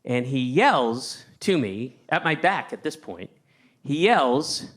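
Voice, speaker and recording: A man doing a stand-up routine, telling a rambling story with lots of restarts and sudden shouted outbursts. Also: medium pitch, sing-song, takes it slowly. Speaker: stand-up comedian. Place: comedy stage with a live audience.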